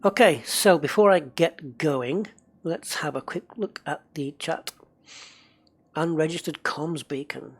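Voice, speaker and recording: Speaking slowly in a husky, mid-range voice, this streamer offers loose, rambling commentary on the game. They chat freely, picking up viewer messages and answering them.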